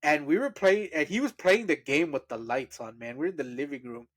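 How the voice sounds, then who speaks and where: A podcast co-host recalling memories in a relaxed, reflective way, with many "like" fillers. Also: male voice, fairly high pitch, brisk. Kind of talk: casual storytelling.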